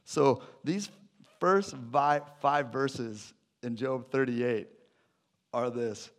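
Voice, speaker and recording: Male pastor, lively jokey sermon delivery, sudden loud bursts, mid-pitched voice. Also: extremely slow.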